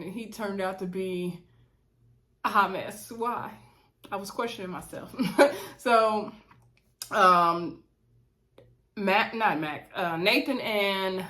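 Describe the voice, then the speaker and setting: A woman casually recapping a dating show episode, chatty and animated, often calling her viewers y'all. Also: medium pitch.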